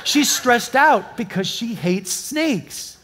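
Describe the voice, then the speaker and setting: Pastor with a high, story-driven voice. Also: male voice, animated, slow, fairly bright tone, slightly rough. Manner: storytelling, joking with the congregation. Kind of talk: sermon. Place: church before a live congregation.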